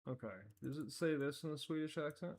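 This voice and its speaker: A man's voice: fairly high pitch, steady tone, fast talker, a little mellow. A man hosting a casual live stream, talking loosely as he goes, often breaking off mid-sentence and chuckling at his own asides. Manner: rambling, self-interrupting, easily amused.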